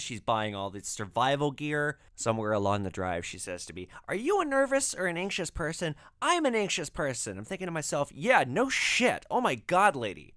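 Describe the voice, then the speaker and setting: In a fairly low voice with a fairly bright tone, this podcast host spins casual stories, loose and profane and padded with plenty of filler words.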